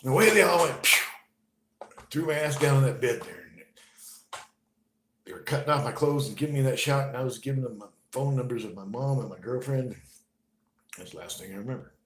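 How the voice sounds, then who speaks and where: A man telling a personal story in a halting, conversational way, dropping to a murmur and then bursting out loud. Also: medium pitch, lively intonation. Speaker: storyteller recounting his own experience. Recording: roomy room with faint noise.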